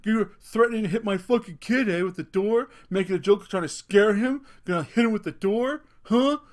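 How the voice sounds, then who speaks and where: A man voicing an angry, aggressive male stranger who yells accusations. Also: sits high, moderate pace, voice pushed up, lightly acted. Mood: yelling accusing. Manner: hostile, accusing.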